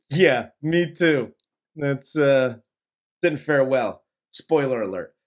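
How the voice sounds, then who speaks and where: A man's voice: medium pitch, lively intonation, drawn-out words. A man in his forties co-hosting a film review podcast, casual, joking and swearing freely. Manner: profane, joking, laughs often. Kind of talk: casual chat.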